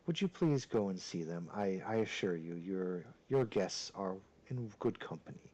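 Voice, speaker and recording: A man's voice: lively intonation, a little mellow, husky, rough recording. Vladimir Draculis, a man doing a suave vampire lord. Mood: courtly. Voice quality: deep, suave voice. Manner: formal, courtly speech with pauses. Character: tall suave vampire lord, fatherly and courtly.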